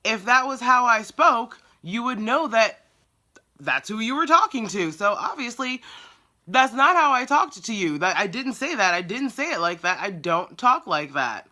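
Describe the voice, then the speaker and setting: A woman's voice: a little high, big pitch swings, normal speed, bright, forceful tone. A woman who works as a dog groomer tells a story in a casual vlog, blunt and exasperated as she vents.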